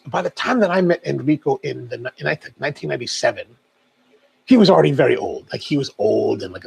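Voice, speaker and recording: Middle-aged male livestream host, slightly high, rough-edged voice; loose, rambling chat. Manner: chatty, rambling storyteller.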